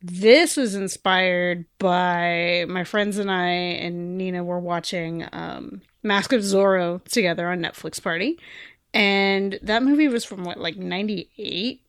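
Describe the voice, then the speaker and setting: A woman's voice: on the low side, slow pace, clear, resonant tone, dry recording, studio quality. A woman co-hosting a podcast, chatting casually in a rambling way, with lots of fillers and sentences that trail off. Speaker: podcast co-host.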